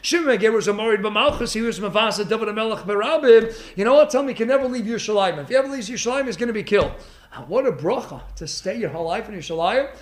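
A man giving an animated Torah lecture, full of rhetorical questions and Hebrew terms. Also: high-pitched, very fast, echoey room. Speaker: rabbi giving a Torah class.

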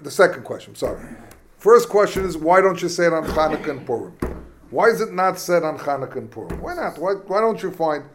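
Animated teacher, higher-pitched man. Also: a little fast, slight background noise. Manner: questioning, animated, mixes Hebrew and Yiddish terms. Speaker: Talmud class teacher. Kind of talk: lively Talmudic lesson.

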